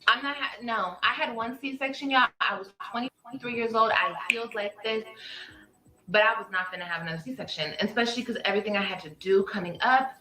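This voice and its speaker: A young woman vlogger telling her story to viewers in a drawn-out, animated way. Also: on the high side, reverberant, low-quality recording.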